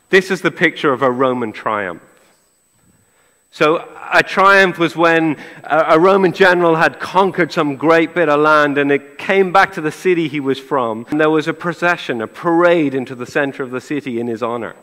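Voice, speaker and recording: Higher-voiced male preacher, echoing church. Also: moderate pace, fairly bright tone. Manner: conversational, playfully sarcastic, rhetorical questions. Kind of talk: sermon.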